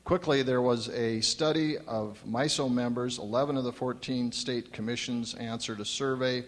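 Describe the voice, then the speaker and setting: A man's voice: mid-range voice, big-room sound. A man giving prepared remarks as a commissioner on a conference panel, reading from notes with dry humor.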